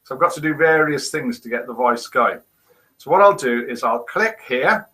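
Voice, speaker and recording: Lively, animated British man hosting a quiz. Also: mid-range voice, normal speed, poor audio. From United Kingdom. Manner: lively, chuckling, playful quiz-master banter. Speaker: host of a daily live show. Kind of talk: casual live-stream chat, reading out comments.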